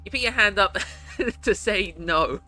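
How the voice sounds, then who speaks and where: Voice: mid-range voice, measured pace, sharp tone. A game streamer chatting and reacting to viewers while playing. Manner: chatty, laughing, reacting to chat. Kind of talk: let's play commentary.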